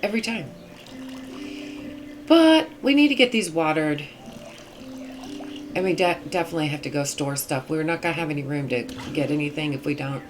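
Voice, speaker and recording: A woman hosting her gaming channel, chatting casually through gameplay in a rambling way, with a husky morning voice. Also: deep voice, expressive, moderate pace, pauses often, soft background music. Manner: chatty, rambling with many fillers.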